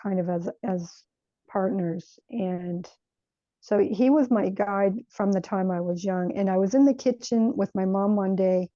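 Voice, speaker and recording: A woman recounting a spiritual experience from her childhood in an earnest, reflective way, often pausing to search for words. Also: medium pitch, warm tone, dry recording, highs cut off. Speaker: guest sharing a spiritual experience. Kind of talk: personal storytelling.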